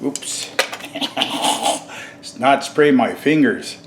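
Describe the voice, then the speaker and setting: Slow, chuckling man. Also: mid-range voice, expressive, heavy background noise. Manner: chuckling often, chatty, addresses viewers as folks. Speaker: DIY vlogger. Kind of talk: casual home-project demo.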